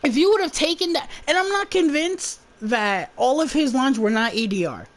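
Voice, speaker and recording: A woman's voice: high voice, expressive, moderate pace. A woman giving a casual movie review, rambling and swearing in an exasperated rant. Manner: rambling, profane, exasperated ranting.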